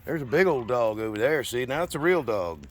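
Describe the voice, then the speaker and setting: A man's voice: mid-range voice, very animated, brisk. A man talking casually outdoors to his dog, coaxing and scolding it with exasperated chuckles. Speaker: dog owner. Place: outdoors near a house and garage.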